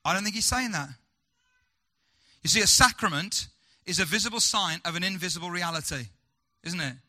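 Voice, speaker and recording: Speaking in a high voice, he preaches to the congregation, posing rhetorical questions and veering between loud urgency and quiet, unhurried lines.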